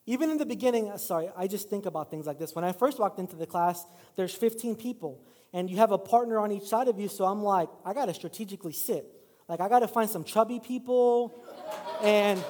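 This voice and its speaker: High-voiced pastor preaching in a reverberant hall. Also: male voice, a little fast, darkish tone. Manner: casual, self-deprecating storytelling with rising preaching emphasis. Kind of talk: sermon. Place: church sanctuary.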